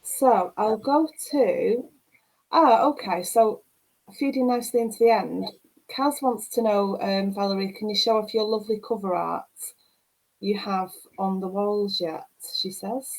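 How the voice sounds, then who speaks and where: A woman with a Manchester accent hosts a panel over a video call. She moves things along briskly and pokes fun at herself. Her voice sits at a medium pitch. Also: darkish tone, poor audio. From Manchester, England. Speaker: panel host. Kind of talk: hosting a panel discussion.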